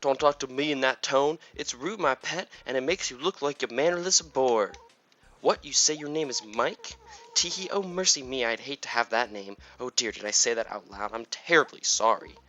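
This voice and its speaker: A man's voice: mid-range voice, normal speed, bright, forceful tone, muffled recording, slight background noise, natural voice. A man voicing a prim, snooty female kangaroo villager with a mock-polite, condescending manner. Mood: prissy.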